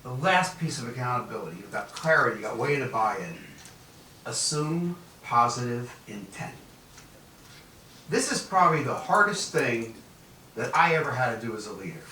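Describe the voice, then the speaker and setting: A man from Newark, New Jersey, speaking as a keynote guest and acting out stories with a lively, swooping delivery. His voice is bright and sits fairly high. It rings out in a roomy hall, caught by a mic set some distance off. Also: normal speed, slight background noise. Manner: animated storyteller acting out dialogue. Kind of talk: motivational leadership keynote.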